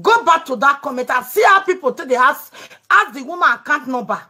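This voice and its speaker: A woman's voice: sits high, lively intonation, brisk, sharp tone. A Nigerian woman hosting a live show, taking calls and talking emphatically in pidgin. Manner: emphatic, pleading. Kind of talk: Pidgin live-stream chat with callers.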